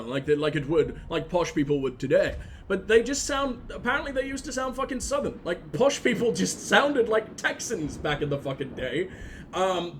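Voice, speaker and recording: A man rambling excitably through gameplay commentary, swearing freely. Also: high-pitched, slight background noise. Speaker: let's play host.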